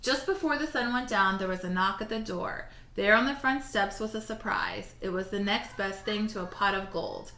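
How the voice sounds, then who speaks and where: A woman teacher reads a picture book aloud and then talks to her class with clear, encouraging warmth, pausing here and there with fillers. Her voice is bright and forceful, and it carries a roomy echo. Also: medium pitch. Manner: clear, encouraging, slightly halting when speaking freely. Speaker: elementary school teacher. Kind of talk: reading a storybook aloud and giving assignments.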